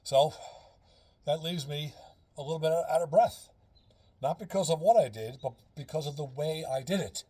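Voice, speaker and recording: A man's voice: a little high, moderate pace, long pauses, mellow, breathy edge. A man in a casual instructional vlog, explaining earnestly step by step and repeating his key phrases. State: out of breath. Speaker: fitness and breathing instructor.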